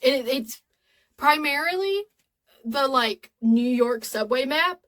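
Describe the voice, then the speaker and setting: A woman's voice: high-pitched, lively intonation, slow pace, fairly bright tone. A woman in her twenties talking casually to camera in a rambling, chatty, earnest way. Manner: earnest and openly emotional. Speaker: vlogger.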